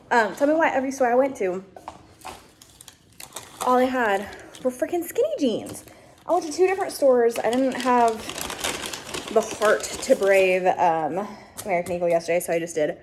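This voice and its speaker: A woman's voice: a little high, darkish tone, a little hiss or hum. A woman chatting casually to her camera, exasperated and venting as she talks through her errands. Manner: ranting, exasperated, talkative. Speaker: vlogger.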